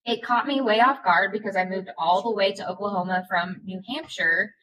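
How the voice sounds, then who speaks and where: A woman co-hosting a podcast, reading a forum post aloud in a steady, plain way. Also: medium pitch, moderate pace, background noise. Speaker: podcast co-host.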